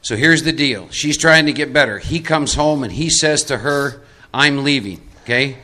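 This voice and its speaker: A middle-aged man from Texas holds forth at a live recovery workshop. His voice is bright and forward, and he coaches people from the audience into roles. He drives his points home by repeating them. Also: fairly high pitch, normal speed. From Texas, USA. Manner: emphatic, repeats key points.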